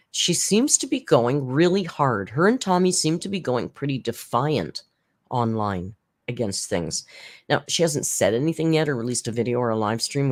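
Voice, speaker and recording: Here a channel host talks casually and bluntly, rambling through commentary with lots of restarts and asides, sarcastically jumping in pitch to emphasize things.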